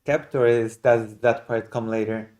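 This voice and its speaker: A man's voice: medium pitch, fairly even intonation, unhurried, a little mellow. A man hosting a casual chat on a video call, easygoing, with short replies and jokes. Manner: easygoing, brief interjections.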